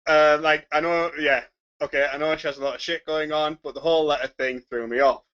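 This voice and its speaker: A man co-hosting a podcast, loud and chatty with frequent laughter. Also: on the high side, steady tone, brisk, smooth, highs cut off. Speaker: podcast co-host. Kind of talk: casual banter.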